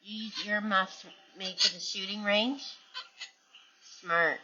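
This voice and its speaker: A woman's voice: mid-range voice, steady tone, slow, bright, forceful tone, lo-fi sound. A woman hosting a parrot channel, chatting casually at home with her birds and reading viewer comments.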